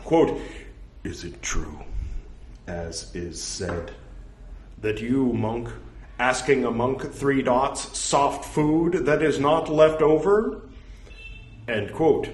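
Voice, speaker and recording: A man's voice: mid-range voice, very slow, pauses often, a little hiss or hum. A man reciting a translated religious text at home, reading quotation marks and parentheses aloud and breaking off for joking asides, in an echoey room. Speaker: scripture reader.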